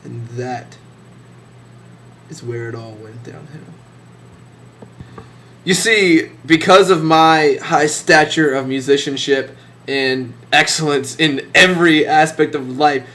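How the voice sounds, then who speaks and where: A man's voice: a little high, fairly bright tone. A young man telling a boastful, sarcastic mock story about leaving his band.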